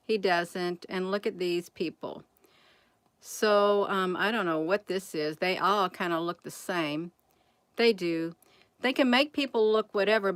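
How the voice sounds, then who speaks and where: A woman's voice: fairly low pitch, a bit bright, dry recording. A woman hosting a casual vlog, rambling and asking her viewers one question after another. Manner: rambling, asks viewers many rhetorical questions; addresses viewers as "you all". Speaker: channel host.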